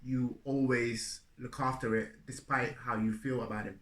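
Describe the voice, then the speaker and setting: A man with a bright, forceful voice speaks earnestly and reflectively about marriage, laughing easily as he talks. The room around him is echoey. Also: mid-range voice, fairly even intonation, moderate pace. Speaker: husband co-hosting a marriage video. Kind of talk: casual chat.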